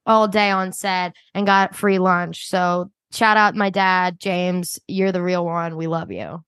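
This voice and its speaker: A woman's voice: on the low side, steady tone, slow pace, fairly bright tone, smooth, no echo. A woman from the Philadelphia suburbs hosting a podcast, chatting casually and swearing now and then. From Delaware County, Pennsylvania. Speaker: podcast host.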